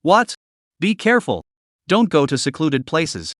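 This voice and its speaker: A man doing a protective older sister who frets over her younger sibling in a comic story recap. She sounds high and animated. The recording is close and dry. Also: a little slow, no room sound. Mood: alarmed.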